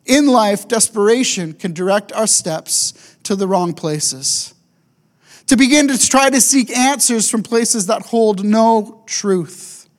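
High-voiced man preaching a sermon. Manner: emphatic, slows down and repeats key phrases. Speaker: pastor.

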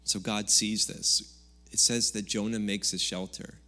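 A man's voice: lowish voice, level tone, measured pace. Man preaching a casual, joking sermon. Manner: conversational, jokey preaching with sudden loud bursts. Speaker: pastor. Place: church service.

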